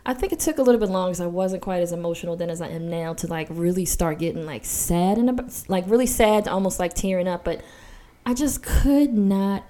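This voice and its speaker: A woman in her forties telling a personal story in casual chat, animated and acting out what people said. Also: on the low side, a little fast. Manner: animated storytelling, acts out quoted voices.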